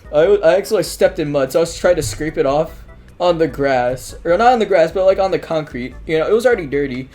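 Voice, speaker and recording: A man's voice: a little high, a little mellow. A man telling school stories in a casual, rambling monologue, full of filler words, restarts and offhand swearing.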